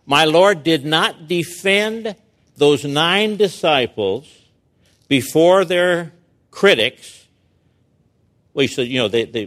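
A pastor delivers an expository sermon, reading verses and explaining them with emphatic rhetorical questions. His voice is on the high side and a bit bright.

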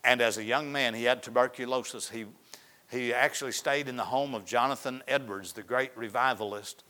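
A man preaching a sermon in a folksy storytelling way, often dropping to soft, hushed tones. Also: medium pitch, steady tone, a little fast. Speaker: pastor.

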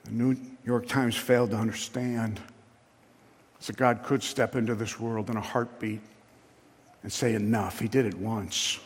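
A man preaching a sermon with passion, building to loud emphatic peaks. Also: lowish voice, fairly even intonation, measured pace, slightly rough, big-room sound.

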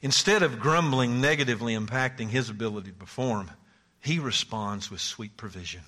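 A man preaching a sermon in a bright, forceful voice that rings out in a reverberant hall. He swings from loud, high exclamations to hushed, near-whispered asides and laughs often as he talks. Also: fairly quick. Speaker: pastor.

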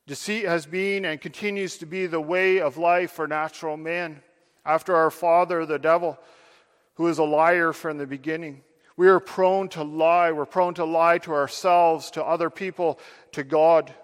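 A man's voice: a little high, fairly even intonation, moderate pace, in a large hall. A man preaching a sermon, addressing his listeners directly with earnest, building emphasis.

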